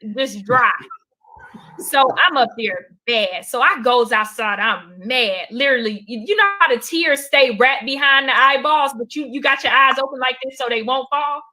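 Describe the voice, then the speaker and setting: A woman stand-up comedian telling stories in a casual, animated interview, with frequent fillers and repeats. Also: high-pitched, normal speed. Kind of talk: casual storytelling in a talk show interview.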